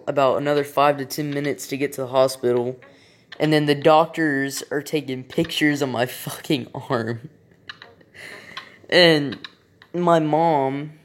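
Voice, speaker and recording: A young man casually telling a personal story, rambling and swearing, with frequent restarts and fillers. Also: mid-range voice.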